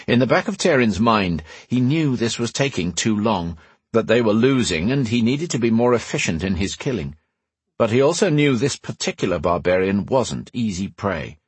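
A man giving steady, measured scripted narration of a fantasy audiobook in a slightly husky voice. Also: fairly low pitch, dry recording.

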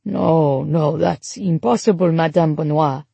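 A woman's voice: sits low, measured pace, gravelly, dark tone, husky, no room sound, full character voice. A woman reading the part of a proud, stubborn middle-aged French husband who speaks firmly and dismissively. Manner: firm, dismissive, reassuring.

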